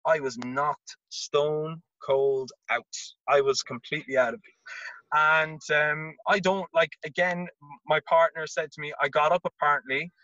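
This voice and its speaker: A man with an Irish accent, a former college tennis player telling a story in a casual interview, animated and repeating words as he acts out quotes. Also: on the high side, a little slow, no echo, highs cut off. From Ireland.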